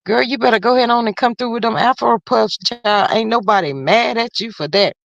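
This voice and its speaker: A woman's voice: on the high side, brisk, gravelly, no room sound, lo-fi sound. Chatty woman hosting a live stream. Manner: chatty, folksy, talks straight to viewers with "child" and "y'all". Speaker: live-stream host reading chat. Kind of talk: casual live-stream chat.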